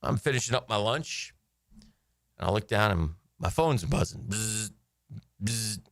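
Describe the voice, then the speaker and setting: A man co-hosting a sports radio show, telling a story in a lively, animated way with a studio mic. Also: fairly low pitch, normal speed, dry recording. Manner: animated storyteller acting out neighbors' voices. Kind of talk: casual storytelling chat.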